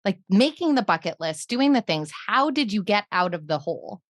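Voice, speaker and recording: A woman's voice: mid-range voice, sing-song, moderate pace, no echo, clean studio sound. A woman podcast host asking long, thoughtful, affirming questions in a flowing way. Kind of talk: interview questions, reflective.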